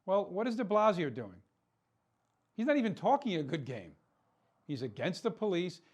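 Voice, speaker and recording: A man's voice: high voice, big pitch swings, moderate pace, darkish tone. Impassioned male political talk host. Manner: impassioned, rhetorical questions, repeats words for emphasis. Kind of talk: political commentary monologue.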